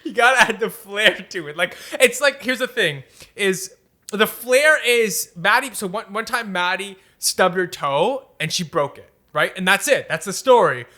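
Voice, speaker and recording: A man in his twenties co-hosting a casual chat, telling family stories with animated, dramatizing flair and frequent laughter. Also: high voice, normal speed. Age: 20s. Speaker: podcast co-host.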